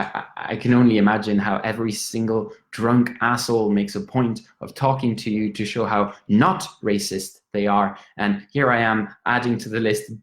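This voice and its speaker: A man's voice: on the low side, lightly acted. A man with a French accent playing a drunk, apologetic young Frenchman in a stage monologue, rambling and stumbling over his words. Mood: rueful. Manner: rambling, stammering, switches between English and French. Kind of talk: theatrical monologue. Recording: roomy echo.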